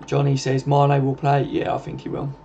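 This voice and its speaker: A man's voice: mid-range voice, completely flat delivery, moderate pace, warm tone, muffled recording, slight background noise. A man hosting a casual football livestream, chatting and answering viewer comments in a matey, informal way. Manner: chatty, matey, calls everyone mate.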